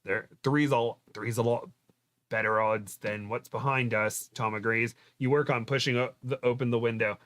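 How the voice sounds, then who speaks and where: A man's voice: mid-range voice, steady tone, normal speed, fairly bright tone, no room sound. Man, host, comedic read-aloud, dramatic narration, joking asides, dry recording. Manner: dramatic reading broken by laughing asides.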